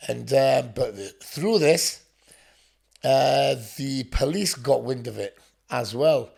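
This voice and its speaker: A man's voice: medium pitch, slow pace, vocal fry, a little mellow, husky. A man from England, a podcast guest, telling his story bluntly, swearing often and acting out what people said. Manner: blunt, swearing, acts out dialogue. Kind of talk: storytelling interview.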